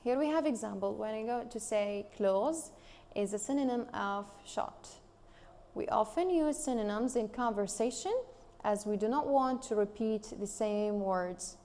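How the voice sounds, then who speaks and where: A woman with an Iraqi Arabic accent teaching English grammar in a recorded online lesson, reading example sentences slowly and deliberately. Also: medium pitch, dark tone, in a large hall.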